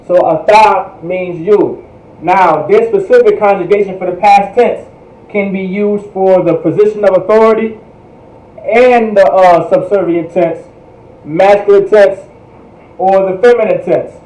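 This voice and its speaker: A man's voice: high voice, measured pace, dark tone. A man teaching a language class in a livestreamed lecture, patiently repeating words to drill their pronunciation. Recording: echoey room.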